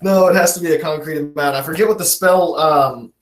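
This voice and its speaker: Casual dungeon master in an echoey room. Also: male voice, on the high side, fairly quick. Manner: casual, chatty narration with fillers. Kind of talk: narrating a tabletop game. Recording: roomy echo.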